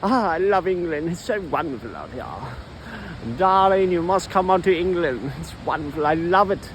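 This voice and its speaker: A man's voice: high voice, animated, fairly bright tone, slight background noise. A man putting on an effeminate, posh English voice that gushes and drawls "darling". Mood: gushing. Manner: gushing, drawn-out, sing-song, says "darling". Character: effeminate posh English voice in his head, gushing.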